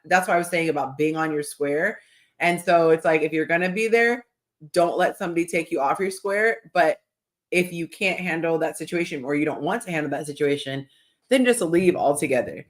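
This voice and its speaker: Animated woman podcast host. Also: low voice, fairly quick. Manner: animated storytelling, acts out quoted voices. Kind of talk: casual podcast chat.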